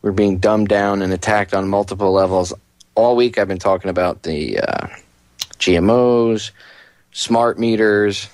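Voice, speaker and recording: Guy hosting talk radio, animated, does mocking voices, dry close sound. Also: fairly low pitch, a little slow, no echo. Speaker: radio show host.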